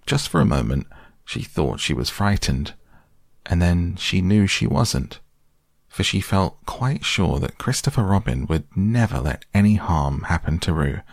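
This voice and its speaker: A man reading a children's storybook aloud in an unhurried, gentle way. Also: deep voice, big pitch swings, vocal fry, no echo, clean studio sound. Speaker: narrator.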